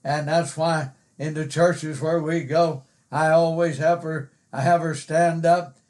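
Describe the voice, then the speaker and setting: An older man preaching a sermon, slow and emphatic, repeating words and pausing on fillers. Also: fairly high pitch, level tone, a little mellow.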